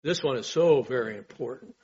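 A man's voice: mid-range voice, fairly quick, a little mellow, husky, muffled recording. A male pastor preaching a sermon in an earnest way, asking rhetorical questions and swelling on his key points.

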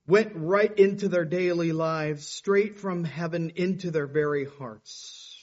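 A man's voice: on the high side, takes it slowly, few pauses, a little mellow, lo-fi sound. A man preaching a sermon, explaining scripture and reading Bible quotes with rising intensity.

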